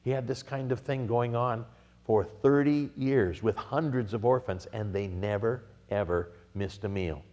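A man's voice: mid-range voice, measured pace, darkish tone, big-room sound, muffled recording. Storytelling male pastor preaching. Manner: storytelling with acted-out quotes, building to emphatic peaks. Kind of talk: sermon.

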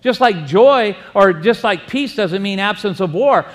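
A man preaching a sermon as pastor, lively and joking, acting out short exchanges with his congregation. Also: high voice, unhurried. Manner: animated preaching, acts out little dialogues and jokes. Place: church sanctuary. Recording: long hall reverb.

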